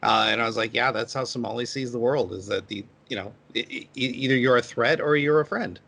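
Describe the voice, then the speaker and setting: A man in his thirties on a casual anime podcast, telling a story with many pauses and fillers. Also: mid-range voice, vocal fry, fairly bright tone. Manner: halting, filler-heavy storytelling. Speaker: podcast co-host.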